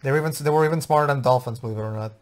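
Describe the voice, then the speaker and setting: A man's voice: medium pitch, very fast. Hesitant man chuckling through commentary. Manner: hesitant, lots of uh's, chuckles between remarks. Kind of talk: casual movie commentary chat.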